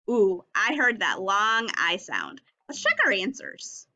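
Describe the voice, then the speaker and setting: Slow, bright-voiced phonics teacher woman. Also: mid-range voice, huge pitch swings, lo-fi sound. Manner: slow, stretched-out sounding of letters and words. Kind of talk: phonics lesson for young children.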